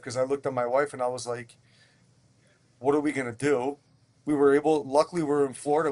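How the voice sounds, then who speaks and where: This podcast guest, a Pennsylvania restaurant owner, speaks at medium pitch as he tells his story in an open, animated way. Swearing comes freely, and he often stumbles over words and repeats them.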